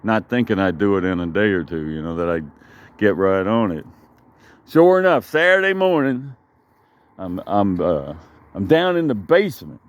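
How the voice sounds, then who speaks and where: Speaking in a lowish, sing-song voice at a moderate pace, a man rambles through a meandering backyard story for his vlog. The tale is full of cursing and digressions as he hops between thoughts.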